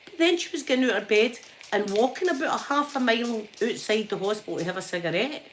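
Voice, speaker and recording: A middle-aged woman with a Scottish accent telling a story casually in a chatty, repetitive, animated way. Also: fairly high pitch, fast, slight background noise. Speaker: vlogger.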